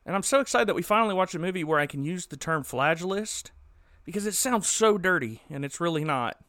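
A man co-hosting a casual comedy podcast, recapping a movie in an animated, joking way. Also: high-pitched, fairly quick, no room sound. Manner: jokey, animated storytelling, puts on silly voices for characters.

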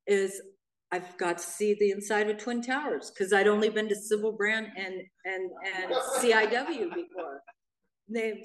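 A middle-aged woman, main speaker at a recovery meeting, telling her own story in a blunt, animated way and acting out the voices of people she quotes. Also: medium pitch. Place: meeting room in a church. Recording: roomy sound, mic at a distance.

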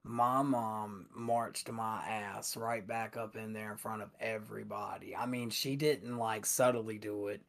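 A young man co-hosting a casual podcast, telling stories in an animated way and swearing a lot. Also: lowish voice, a little slow, gravelly, hardly any pauses. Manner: animated storyteller, heavy swearing. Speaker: podcast co-host.

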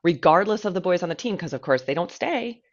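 A woman co-hosting a podcast, telling a story in a chatty, animated way with plenty of fillers. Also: on the low side, brisk, a crowd in the background. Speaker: podcast co-host. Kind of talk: casual storytelling chat. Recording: dull lo-fi podcast audio.

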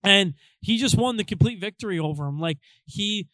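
Young male pastor, high-pitched, emphatic, jokey, dry close sound. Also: moderate pace, no echo, rough recording. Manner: energetic, emphatic and joking. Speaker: youth pastor. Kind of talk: casual chat.

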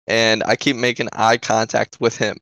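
A man's voice: fairly low pitch, flat delivery, normal speed, fairly bright tone, no room sound. A man co-hosting a podcast, telling a story in a casual, profane way, full of fillers and "right?". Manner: profane, filler-heavy, keeps asking "right?". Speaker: podcast co-host. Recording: dull lo-fi dry recording.

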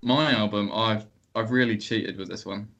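A man's voice: on the low side, fairly even intonation, moderate pace, vocal fry, fairly bright tone, muffled recording. A man co-hosting a podcast, joking and teasing in casual chat. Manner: jokey, teasing. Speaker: podcast co-host.

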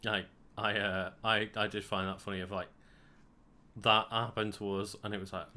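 A man chatting casually, relaxed, swearing now and then, and agreeing with short fillers. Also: on the low side, moderate pace. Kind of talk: casual chat.

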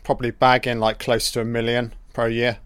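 A man's voice: medium pitch, completely flat delivery, brisk, a bit bright, clean tone, dry recording. A man giving a casual, profane audio commentary over a film, joking and talking back at the characters.

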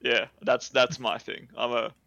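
A man's voice: mid-range voice, flat delivery, a little slow, gravelly, lo-fi sound, a crowd in the background. A man in his thirties, co-hosting a podcast in casual, joking chat. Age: 30s. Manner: joking, laughs often. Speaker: podcast co-host.

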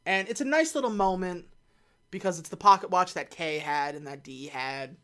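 A woman co-hosting a casual movie podcast, recapping scenes and slipping into quick deadpan voices for the characters. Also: fairly low pitch. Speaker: podcast co-host.

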